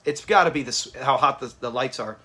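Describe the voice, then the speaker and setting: A man's voice: mid-range voice, fast talker, pushed and bright. A man hosting a live watch party, chatting with his viewers and laughing often as he reacts to a sitcom episode. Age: adult with kids. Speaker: livestream host.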